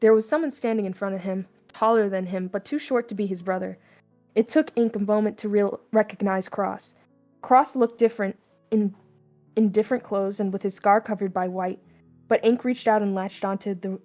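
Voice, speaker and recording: A young woman reads fan fiction aloud in a casual, unpolished way, often stumbling and restarting. Her mixed accent keeps slipping toward Southern US. The pitch sits at an ordinary middle for a woman. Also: steady tone, normal speed, darkish tone, faint music behind. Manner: casual, stumbling, laughing asides.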